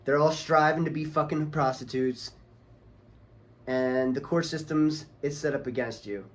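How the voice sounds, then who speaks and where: A man's voice: fairly high pitch, unhurried. A man ranting heatedly on his vlog, swearing a lot and talking in a casual, angry way. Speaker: vlogger.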